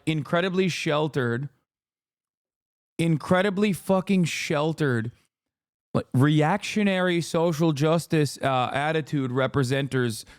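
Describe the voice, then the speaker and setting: A man's voice: on the high side, clear, resonant tone, no echo, studio quality. A man giving heated commentary while reacting to clips, angry, emphatic and full of swearing.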